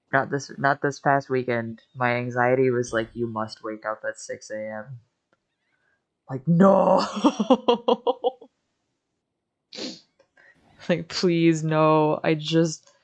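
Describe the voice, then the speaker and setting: Sleepy young woman, slow chat. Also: deep voice. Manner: laughs often, yawning and sleepy. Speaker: streamer co-host. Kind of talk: casual chat while gaming.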